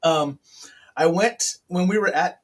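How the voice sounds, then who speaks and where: A man's voice: on the high side, slow. Rambling middle-aged man telling a story. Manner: rambling, upfront storytelling with many restarts. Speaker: podcast host. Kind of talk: casual chat.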